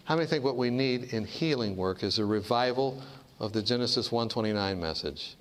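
A man preaching a sermon to a congregation, animated and rhetorical, calling for amens and asking questions of the crowd. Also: medium pitch, fairly quick, slight background noise. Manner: animated, rhetorical call-and-response with the audience. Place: church hall before a congregation.

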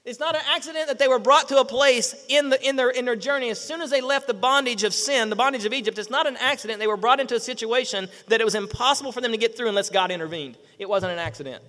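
A middle-aged male pastor preaching a sermon, animated, acting out quotes and firing rhetorical questions at the congregation. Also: very high voice, fast talker, few pauses, in a large hall.

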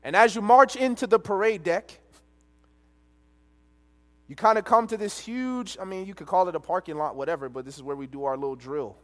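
Young male preacher, storytelling sermon, animated, slightly higher voice, big hall reverb. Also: brisk. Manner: animated storyteller, quoting others in dialogue. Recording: long reverb of a large hall.

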